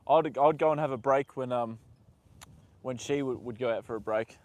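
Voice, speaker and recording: A man's voice: medium pitch, normal speed. Chatty man in a paddock. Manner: chatty, answers viewer comments, talks softly to his horse. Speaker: livestream host. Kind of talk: casual live stream chat. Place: outdoors in a horse paddock.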